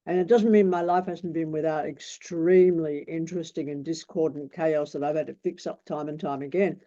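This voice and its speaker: A man's voice: a little high, dark tone. A man, teaching tarot in a blunt, rambling way and swearing freely. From Australia. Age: 60s. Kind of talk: casual teaching talk. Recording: dull lo-fi recording.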